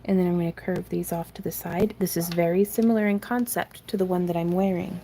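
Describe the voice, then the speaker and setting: Low, gravelly woman crafting on a live stream. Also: fairly even intonation, fairly quick, mellow, slight background noise. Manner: rambling and self-deprecating, laughs often, reads chat aloud. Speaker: craft tutorial host. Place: home craft room.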